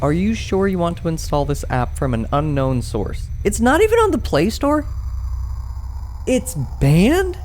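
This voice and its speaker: A young man narrating a comedic tech vlog, animated and exclaiming, bantering with himself, with faint music behind. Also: on the high side, a little slow, slight background noise. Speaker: YouTube creator.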